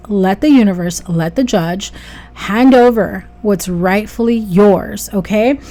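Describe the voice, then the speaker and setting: A woman's voice: medium pitch, slow, warm tone. A woman giving a casual tarot reading to viewers, chatty and upbeat, often checking in with "okay?". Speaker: tarot reader.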